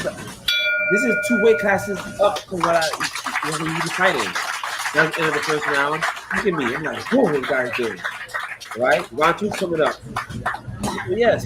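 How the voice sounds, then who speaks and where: Excitable fighter talking his chat through a fight. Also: on the high side, heavy background noise. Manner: repetitive, excitable play-by-play with sound effects. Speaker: MMA fighter reviewing his own fight. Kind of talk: livestream commentary talking to chat.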